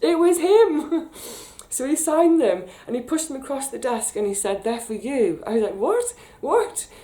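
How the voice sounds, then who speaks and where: A British woman telling a personal story in a chatty, animated way, getting emotional as she recalls it. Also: on the high side, moderate pace. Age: 30s. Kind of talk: casual storytelling monologue.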